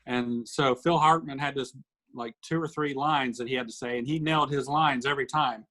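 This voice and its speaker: A man co-hosting a casual podcast, telling comedy sketches with lively bursts of acted voices. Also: medium pitch, normal speed, rough recording. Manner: animated storyteller acting out sketch lines. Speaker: podcast co-host. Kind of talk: casual chat.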